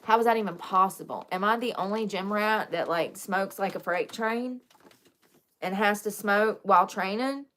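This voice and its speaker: A woman's voice: mid-range voice, moderate pace, fairly bright tone, a little hiss or hum. Chatty woman vlogging her makeup. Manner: chatty, joking, confessional, laughs often. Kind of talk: casual live-stream chat.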